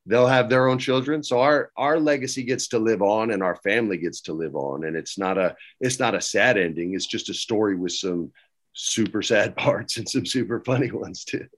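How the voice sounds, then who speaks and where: A man's voice: fairly low pitch, moderate pace. A middle-aged man, a podcast guest, telling stories in a casual way and acting out the quoted lines with a raised voice. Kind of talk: casual storytelling.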